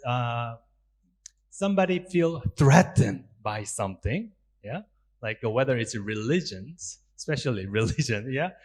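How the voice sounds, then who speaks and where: A man with a Korean accent, a Buddhist monk giving a public talk, asking his listeners questions and acting out little quotes. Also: on the high side. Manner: animated, asks the audience questions, acts out quotes.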